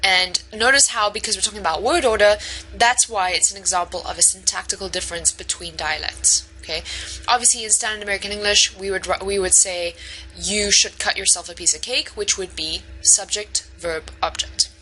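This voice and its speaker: A woman's voice: medium pitch, fairly quick, pushed and bright, soft background music, poor audio. A woman instructor giving a recorded online lecture, explaining step by step with frequent ums and restarts. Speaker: university instructor.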